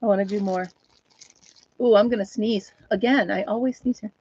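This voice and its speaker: Woman host, casual live-stream chat, chatty and quick to laugh, mid-pitched voice, dull muffled sound in a dry room. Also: steady tone, dark tone, husky, no echo. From United States. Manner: chatty, laughs often, talks to viewers and her dog.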